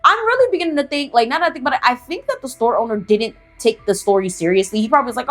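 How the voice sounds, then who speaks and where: A woman's voice: fairly high pitch, animated, quick pace, hardly any pauses, a bit bright, faint music behind. Chatty, profane young woman storyteller. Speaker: storyteller host. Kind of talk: casual storytime vlog.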